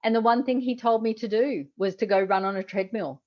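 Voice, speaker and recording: A woman's voice: on the high side, steady tone, fairly quick. A woman hosting an interview, encouraging her guest and prompting him with questions. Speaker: podcast host. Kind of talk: interview conversation. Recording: dull lo-fi audio.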